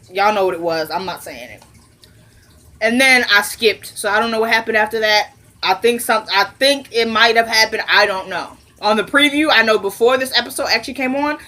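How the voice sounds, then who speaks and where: A woman casually recapping a TV episode for her viewers, acting out the characters' lines in quick voices, laughing and dropping into low asides. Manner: animated, laughs and squeals when amused.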